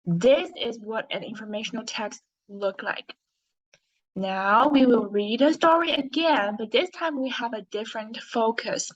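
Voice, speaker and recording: Slow, patient woman teaching English. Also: a little high. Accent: Chinese. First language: Chinese. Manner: slow, clear teacher talk with questions to pupils. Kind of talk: online class lesson. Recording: dull lo-fi audio.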